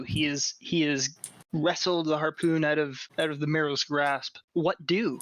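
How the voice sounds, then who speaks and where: Bright-voiced male dungeon master. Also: a little high, steady tone. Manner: casual, halting, with restarts while reading rules. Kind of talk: running a tabletop game, reading rules aloud.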